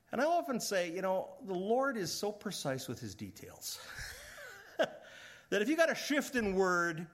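During his sermon, a middle-aged pastor alternates between booming emphatic peaks and quiet, trailing low passages.

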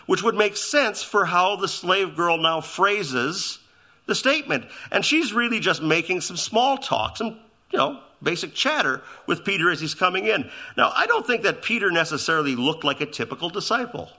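Male pastor, middle-aged, slightly high voice, lively delivery, chatty sermon with asides to the room. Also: normal speed. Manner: conversational, animated preaching with asides to the congregation.

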